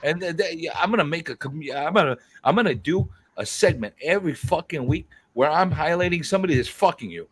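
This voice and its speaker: A man's voice: a little high, lively intonation, quick pace, hardly any pauses, husky. A man hosting a livestream who rants in a heated, profane way and keeps repeating himself while he builds his point. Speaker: livestream host.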